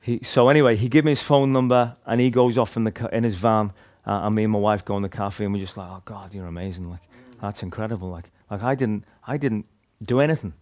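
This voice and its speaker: A Northern Irish man recounts a personal story to a gathered group, his voice sitting at an ordinary middle pitch. He talks casually and rambles, circling back with restarts and filler words as he goes. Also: fast, few pauses, a little mellow. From Northern Ireland. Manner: chatty, rambling, lots of restarts and "like". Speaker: speaker sharing a testimony.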